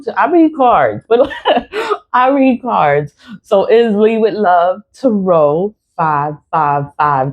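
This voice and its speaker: A woman with a slightly low voice rambles through a casual vlog, blunt and repetitive, with swearing dropped in freely. The recording is dull and lo-fi, with the top end muffled. She talks as a tarot reader speaking straight to her viewers.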